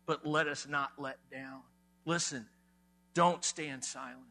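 A male pastor preaching a sermon, emphatic, rising loud on key words and dropping soft. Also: mid-range voice, fairly even intonation, takes it slowly.

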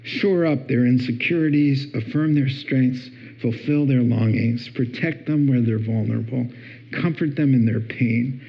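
Slow-talking pastor man, dull recording. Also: mid-range voice. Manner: playful, acts out spouses' words with laughter. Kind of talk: sermon. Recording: dull lo-fi sound.

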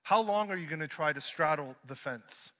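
A man preaching a sermon, swinging from hushed lines to loud ones and mixing in joking asides. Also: on the high side, expressive, moderate pace. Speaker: pastor. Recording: dull lo-fi sermon recording.

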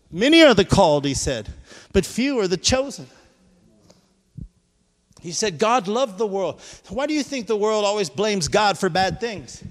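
A man preaches with a strikingly high, ringing voice. He swings from shouted climaxes down to hushed asides. His sermon carries a long reverb tail from a big church hall. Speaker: pastor.

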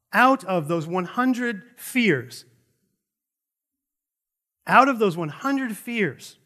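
A middle-aged man preaching a sermon in a conversational way, with joking asides about himself. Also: sits high. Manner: animated, conversational, self-deprecating asides. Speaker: pastor.

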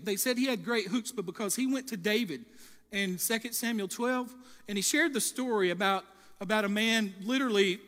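A man's voice: high-pitched, fairly bright tone, big-room sound. A man preaching a sermon with passion, often restarting his phrases as he goes. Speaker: pastor.

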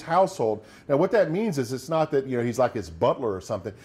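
A man's voice: mid-range voice, very animated, quick pace, dark tone. A middle-aged man preaching a sermon as pastor, talking conversationally and acting out quoted lines of despair.

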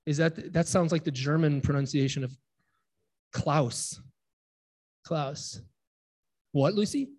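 A man in his forties preaches in a loose, conversational way, trading quick jokes with the people in the pews. His voice sits a little higher than most men's. He leads prayer in the same easygoing, unpolished tone. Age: 40s. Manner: relaxed, chatty, jokes with the congregation. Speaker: pastor. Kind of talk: informal sermon with congregation banter.

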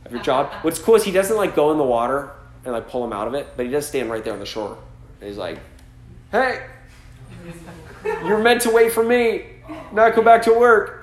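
A man's voice: mid-range voice, reverberant, slight background noise. A man pastor preaching a sermon in a conversational style, often tossing in "right?" and "like" as asides. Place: church gathering.

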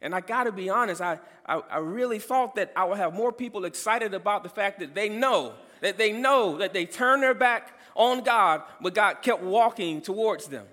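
A man preaching a sermon as pastor, emphatic, calling out some lines loudly. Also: sits high, expressive, normal speed, hardly any pauses, big-room sound.

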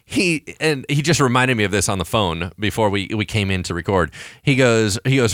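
A man who is a pastor and podcast co-host, telling stories in a casual, animated way, acting out quoted voices. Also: lowish voice, a little fast, no room sound, studio quality. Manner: animated storyteller, acts out quoted voices, frequent restarts.

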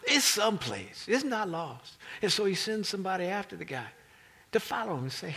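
A male pastor delivers a sermon in an animated, storytelling style, his voice swooping widely and often falling to a hushed whisper. His pitch sits somewhat high for a man. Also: brisk, gravelly. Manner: dramatic storyteller, drops to whispers.

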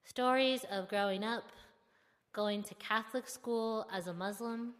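A young woman tells a personal story in a candid, self-deprecating way, with plenty of expression. Her voice sits a little high and her pace is unhurried. The recording carries a long hall reverb. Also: a bit bright. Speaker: seminary student.

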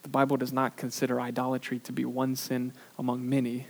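A man preaching a sermon in an earnest way, sometimes pausing on "uh", who pushes his voice up for emphasis and then drops it low and quiet. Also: completely flat delivery, vocal fry. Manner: earnest preaching with frequent "uh" fillers. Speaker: pastor.

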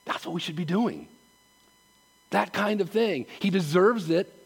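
Guy preaching a chatty sermon, kinda high voice, lots of laughs. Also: a little slow, gravelly, slightly rough. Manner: animated, laughs often, acts out quotes. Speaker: pastor.

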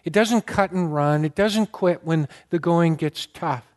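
Speaking at a measured pace, a pastor with a fairly high voice tells stories to his congregation with earnest, deep emotion, his throat occasionally catching as he gets choked up. His delivery rises and falls as he leans on key words.

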